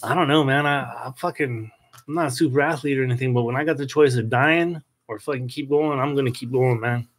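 A man's voice: medium pitch, a little fast. A man telling stories as a podcast co-host, emphatic and heavy on swearing. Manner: profane, emphatic, says dude a lot. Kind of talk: casual storytelling chat.

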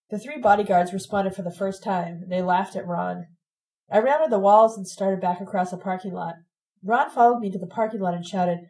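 Mellow-voiced woman reading a story. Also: mid-range voice, a little fast, poor audio. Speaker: audiobook reader. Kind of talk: first-person narration of letters.

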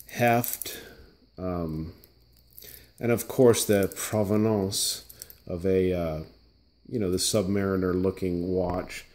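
A man with a lowish voice talks through a watch unboxing in a relaxed, rambling way. His delivery is casual and friendly, full of ums and small asides as he handles the product. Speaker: watch channel host.

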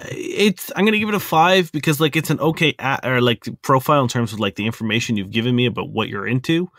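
A man's voice: medium pitch, quick pace, fairly bright tone, no echo, clean studio sound. A man co-hosting a podcast in casual chat, talking emphatically and laughing easily. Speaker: podcast co-host.

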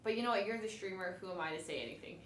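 A woman's voice: medium pitch, racing, fairly bright tone. A woman chatting casually with friends, playful and apologetic. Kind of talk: casual chat.

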